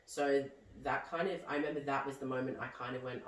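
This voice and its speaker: A man's voice: medium pitch, fairly even intonation, quick pace. A young man talks casually and rambles, filling his sentences with "like". His voice comes from a little way off the mic in an echoey room. Faint noise sits behind him. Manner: rambling, heavy use of "like". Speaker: podcast guest. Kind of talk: casual chat. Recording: roomy echo, distant mic, faint background noise.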